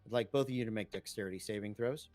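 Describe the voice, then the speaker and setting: A man runs a tabletop game as game master, his voice sitting low. He gives plain, matter-of-fact rulings and shifts into vivid narration. Faint music plays behind him. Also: quick pace, a little mellow.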